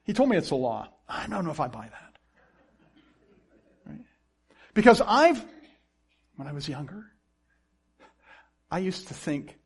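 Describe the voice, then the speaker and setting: A man's voice: sits high, unhurried, long pauses, slightly rough. A pastor preaching a sermon, acting out the people he quotes and laughing now and then. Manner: animated preaching with acted-out quotes and chuckles.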